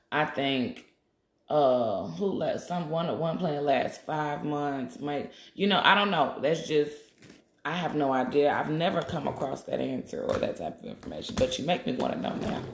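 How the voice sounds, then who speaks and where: A woman hosting a casual livestream while she makes healing waist beads. She talks in a blunt, profane, chatty way and reads out comments from viewers. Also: deep voice. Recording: roomy echo.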